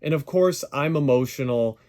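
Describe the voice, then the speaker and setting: A man talking through a dispute as commentary over clips. He sounds defensive and emphatic, pressing each point hard. His pitch sits in a plain middle range. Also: moderate pace, a little mellow. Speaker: YouTuber responding to a dispute.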